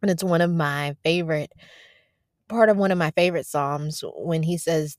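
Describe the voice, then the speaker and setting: A woman hosting a devotional podcast, chatting casually and encouragingly, then reading scripture aloud slowly. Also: low-pitched, a little mellow, no room sound, clean studio sound. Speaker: podcast host.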